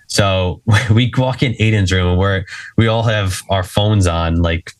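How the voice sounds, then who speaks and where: A young man on a podcast, telling a casual story with lively voice jumps when quoting friends. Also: low-pitched, a little slow, dry recording. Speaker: podcast co-host.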